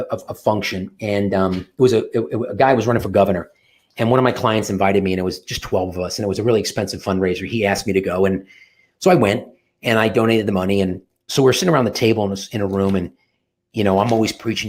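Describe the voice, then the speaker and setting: Fired-up, husky-voiced male sales coach. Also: lowish voice, fast. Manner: energetic, emphatic, with many restarts. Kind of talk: motivational talk to camera.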